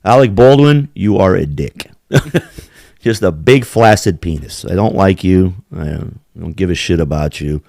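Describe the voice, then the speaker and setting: Profane, animated New man. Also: low-pitched, unhurried, creaky, no room sound, studio quality. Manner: profane, rambling, animated with put-on quotes. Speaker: podcast host. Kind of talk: casual chat.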